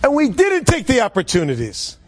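High-voiced man telling an inspirational story. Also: wildly swooping pitch, fairly quick. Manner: conversational, with frequent restarts and Hebrew and Yiddish terms.

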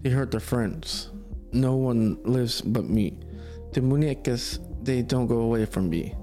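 A man's voice: medium pitch, warm tone, faint music behind, close to an everyday voice. Man doing a haunted cursed man, faux Russian. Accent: put-on Russian. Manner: slow, halting, broken English.

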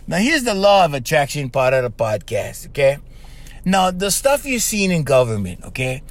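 A man from Hawaii hosting a casual podcast monologue. He talks straight to his listeners and acts out the people he quotes. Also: a little high. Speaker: podcast host.

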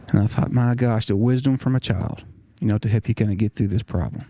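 A middle-aged nurse practitioner gives heartfelt testimony at a fast clip, repeatedly restarting his words. His lowish voice is mellow, and the clean studio audio has no room sound.

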